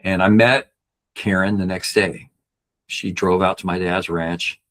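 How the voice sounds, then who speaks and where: A man's voice: low-pitched, fairly even intonation, measured pace, fairly bright tone. A man working as a backpacking guide and coach, telling a personal story on a podcast in a rambling way, with many restarts and fillers.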